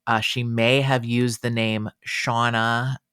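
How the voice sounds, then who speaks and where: A man hosting a casual true-crime podcast, chatty and animated, with fillers and exclamations. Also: medium pitch, takes it slowly, smooth, no room sound, studio quality. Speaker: podcast host.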